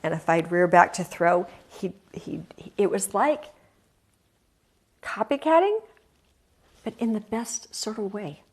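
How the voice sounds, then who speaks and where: A woman's voice: medium pitch, slow, pauses often, husky. A woman hosting a talk, telling a personal story in an earnest, confiding way with emphatic repetitions. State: emotional, near tears at times. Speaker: host.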